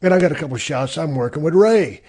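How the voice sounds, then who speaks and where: A man's voice: fairly high pitch, lively intonation, fast talker, a little mellow, breathy edge. A middle-aged man hosting a podcast, telling a laid-back, profane story with plenty of fillers. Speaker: podcast host. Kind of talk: casual storytelling.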